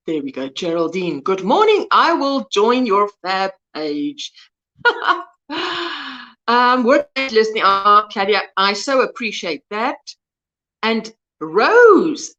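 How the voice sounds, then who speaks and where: Woman host, high lively voice, reading chat aloud, dull lo-fi livestream sound. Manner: warmly greets viewers by name, reading the chat aloud.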